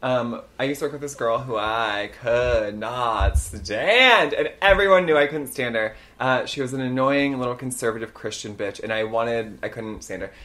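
A man's voice: mid-range voice, brisk, hardly any pauses. A man guesting on a podcast, telling stories bluntly with plenty of swearing in casual chat. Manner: blunt, profane, animated storyteller.

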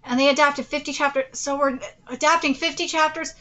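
A woman's voice: high-pitched, steady tone, brisk, a bit bright, muffled recording. A woman hosting an anime commentary channel, talking casually, exasperated and pleading, with frequent swearing.

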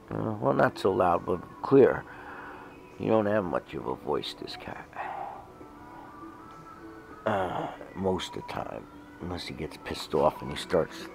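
A man with a gravelly, creaky voice speaks slowly to his cat, his pitch swinging widely as he slips into high cooing baby talk and back down to a low explaining tone. It is a casual home video made for viewers. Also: big pitch swings. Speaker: cat owner vlogger.

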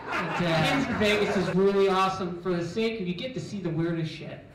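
A middle-aged man doing a stand-up comedy set on a club stage, loud and bantering as he acts out characters. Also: high voice, brisk, far from the mic, background noise. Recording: echoey club recording from afar. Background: audience laughter.

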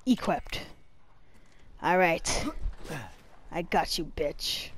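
Woman let's-player, horror game, swears constantly, slow delivery, wide pitch swings. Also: big pitch swings. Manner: profane, panicky, swings from screaming to muttering. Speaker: gamer playing a horror game. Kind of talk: let's play commentary.

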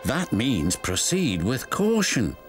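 A man voicing a calm, sensible male train driver. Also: medium pitch, slow, faint music behind. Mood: cautious.

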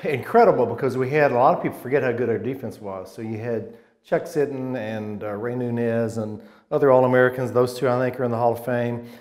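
A former college football player in his sixties, appearing as an alum guest, reminisces in a casual interview, rambling, restarting sentences, and getting animated at the highlights. His middle-pitched voice runs a little fast and has a noticeable roomy echo.

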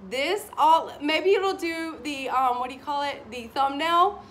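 A woman's voice: sits high, measured pace, fairly bright tone, slight background noise. Giddy, gushing woman. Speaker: haul vlogger. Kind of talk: casual shopping haul chat to camera.

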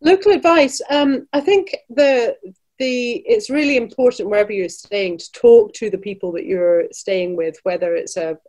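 A woman's voice: a little high, moderate pace, a little mellow. A Scottish woman, a travel business director, chatting as a guest in an interview, often restarting and laughing between points. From Scotland. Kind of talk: casual interview chat.

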